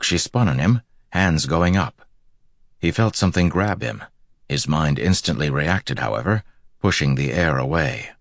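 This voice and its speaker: A man narrating a fantasy audiobook in a steady, measured storytelling manner. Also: very deep voice, no room sound, clean studio sound.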